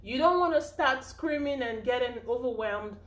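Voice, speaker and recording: A woman's voice: fairly high pitch, animated, moderate pace. A woman giving an informal first aid lesson, chatty and a little out of breath, checking in often with "okay?" and "right?". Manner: chatty, repeats points with frequent "okay?" and "right?". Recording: echoey room.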